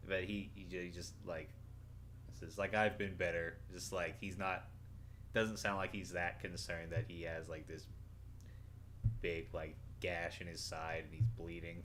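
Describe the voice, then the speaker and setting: Male player, low pitch, halting casual description. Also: level tone, fairly bright tone, a little hiss or hum. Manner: hesitant, many fillers. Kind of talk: tabletop role-play.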